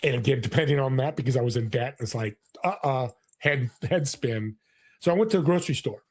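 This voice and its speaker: With a brisk, mid-range voice, a man in his sixties from California tells personal stories as a casual interview guest. His delivery is earnest and lively, marked by many restarts.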